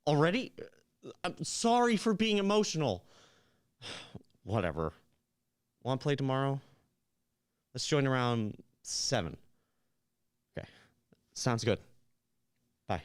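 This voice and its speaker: A man's voice: medium pitch, big pitch swings, takes it slowly, long pauses, smooth. A young man acting in a live reading of a new play, playing an anxious gamer who is lovesick and resentful toward his best friend. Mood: flustered. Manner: nervous, flustered, turning bitter and accusing. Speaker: stage actor in a play reading.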